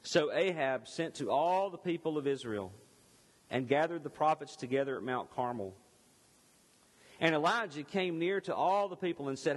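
A man preaching a sermon and reading scripture aloud, giving expressive rising and falling emphasis. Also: fairly high pitch, normal speed. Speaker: pastor. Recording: long reverb in a large hall.

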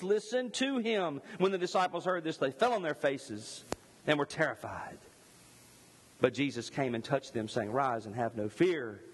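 A husky, slightly high-voiced male pastor delivering a sermon in a large church. His delivery is impassioned, climbing on repeated phrases and easing into hushed, tender moments. The sound carries a long hall reverb. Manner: impassioned, climbing in pitch at lists, then softening to near whisper. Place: church sanctuary.

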